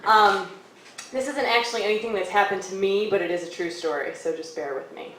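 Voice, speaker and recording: A young woman telling a story on stage at a café, casual and lively, acting out quoted lines with hushed asides. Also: medium pitch, brisk, slight background noise. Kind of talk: live storytelling. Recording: echoey live room from far off.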